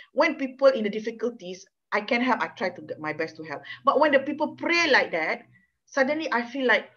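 A woman with a Malaysian accent gives a university law lecture. She speaks earnestly and with feeling, in a slightly high voice. The recording is dull and lo-fi. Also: a bit bright. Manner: earnest, emotional, repeats words, non-native phrasing. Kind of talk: university lecture with personal story. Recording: dull lo-fi sound.

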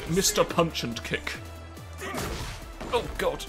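A man giving casual gameplay commentary as a let's play host, excitable and joking, swearing and laughing often. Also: mid-range voice, moderate pace. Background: game music.

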